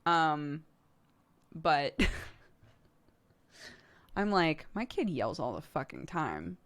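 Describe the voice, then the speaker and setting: Chatting casually with her viewers and answering their questions, this streamer laughs readily and swears occasionally. Her deep, slightly bright voice moves extremely slowly, with big pitch swings.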